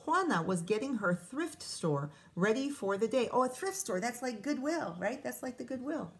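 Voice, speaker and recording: A woman teacher reading a picture book aloud for children. Her voice is a bit higher than most women's. She keeps stopping to chat and ask the kids questions. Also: very animated, normal speed. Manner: chatty, asks children questions. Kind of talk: storybook read-aloud for children.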